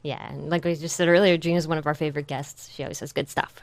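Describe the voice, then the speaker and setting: A woman's voice: deep voice, fairly even intonation, quick pace, creaky, dry recording. A woman co-hosting a podcast in casual chat, laughing often. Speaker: podcast co-host.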